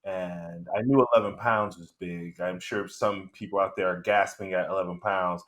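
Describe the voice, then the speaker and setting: A middle-aged man telling a stand-up story, rambling and halting with many fillers and restarts. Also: deep voice, fairly even intonation, a bit bright. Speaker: stand-up comedian.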